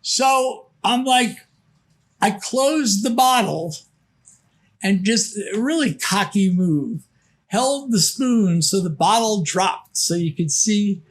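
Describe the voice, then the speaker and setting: An older man spins a long, rambling story with plenty of stops and restarts. His voice sits high for a man, and he unhurriedly takes his time. It is casual podcast talk. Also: takes it slowly. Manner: rambling, many false starts. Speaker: podcast guest. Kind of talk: casual anecdote.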